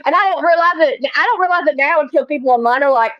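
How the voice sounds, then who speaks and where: A woman's voice: sits high, quick pace, no room sound, muffled recording. A young woman with a Southern Alabama mountain accent, chatting casually as podcast co-host and laughing often. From Alabama, USA. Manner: giggly, laughs often, playful. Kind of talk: casual chat.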